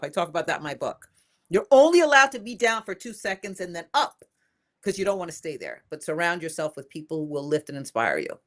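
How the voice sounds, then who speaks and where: An older woman being interviewed as a guest, talking in a lively, emphatic way and repeating phrases for emphasis. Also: on the low side, brisk. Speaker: inventor and guest. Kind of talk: casual interview.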